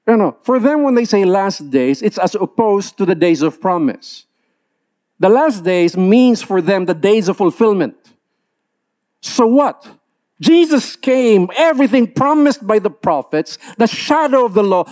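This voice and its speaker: Earnest preacher, high voice. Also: male voice, a little mellow. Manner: earnest, switches into Tagalog, acts out believers' complaints. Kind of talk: sermon.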